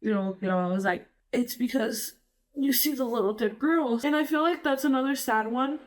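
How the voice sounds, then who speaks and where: A woman with a slightly high voice tells stories in a loose, rambling way, packing her sentences with "like." She drifts between English and Spanish mid-thought in easy, unscripted chat. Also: normal speed. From Colorado, United States. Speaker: podcast host. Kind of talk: casual storytelling chat.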